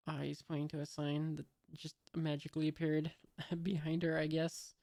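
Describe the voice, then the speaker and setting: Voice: medium pitch, little pitch movement, normal speed, darkish tone, no echo, clean studio sound. A host reading a comic aloud for the first time, hesitant and commenting along, reading out sound effects and punctuation.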